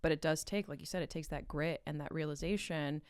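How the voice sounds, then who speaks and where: A woman's voice: deep voice, a little fast, clear, resonant tone, dry recording, clean studio sound. A woman hosting a podcast interview, encouraging her guest and backing up her points. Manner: affirming, encouraging listener. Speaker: podcast host. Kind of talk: casual conversational interview.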